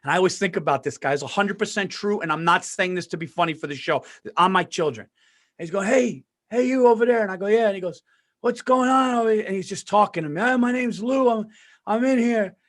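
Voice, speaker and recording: High-voiced, animated storytelling man. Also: fast. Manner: animated, profane, swearing oaths, acting out voices. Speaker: podcast co-host. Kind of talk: casual storytelling.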